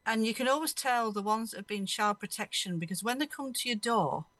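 A woman's voice: fairly high pitch, fairly quick, a bit bright, dry recording. A woman hosting a radio show, chatting casually and telling rambling anecdotes, often laughing mid-story. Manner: rambling, anecdotal, laughs through her stories. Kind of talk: casual chat.

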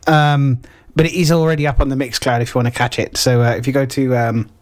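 A man's voice: medium pitch, little pitch movement, quick pace. A young man hosting an internet radio show, chatting casually, greeting listeners and often restarting his sentences. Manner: chatty, hesitant, with restarts and shout-outs to listeners. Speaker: radio host.

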